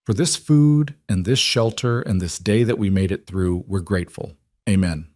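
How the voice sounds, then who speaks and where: A man's voice: lowish voice, sing-song, moderate pace, dry recording, clean studio sound. A man doing a firm, plain-spoken father. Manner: firm but gentle, matter-of-fact.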